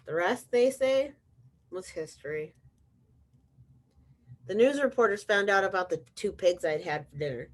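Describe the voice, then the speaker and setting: A woman's voice: mid-range voice, animated, unhurried, pauses often. A woman reading aloud as a sneezy, self-pitying male wolf telling his side of the story, with wry storybook asides.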